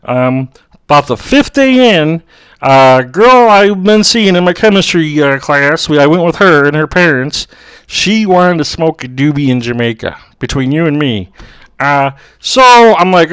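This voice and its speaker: A young man co-hosting rambles his way through a comedic story, calling everyone "dude" again and again. His voice is on the high side and a bit bright, clean in tone at normal speed, and recorded dry.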